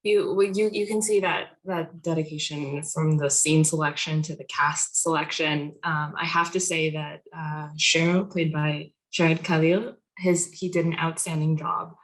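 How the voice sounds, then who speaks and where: Low-voiced woman interviewer. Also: fairly even intonation, a little slow, few pauses, poor audio.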